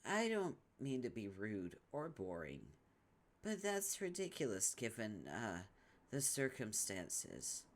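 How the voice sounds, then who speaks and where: A man's voice: mid-range voice, wildly swooping pitch, slow. Tavros, a man doing a stammering timid troll boy. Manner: hesitant, stammering, soft-spoken. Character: timid paralyzed young troll boy, meek. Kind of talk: comic read-along voice acting.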